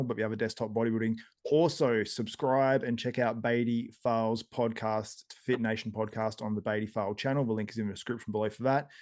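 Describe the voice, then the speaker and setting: A man hosting a podcast in a casual, upbeat way. His pitch sits in the middle of the male range. He rattles off channel plugs and sign-offs in a chatty, promotional tone. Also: darkish tone. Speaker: podcast host. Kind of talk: casual chat and show outro.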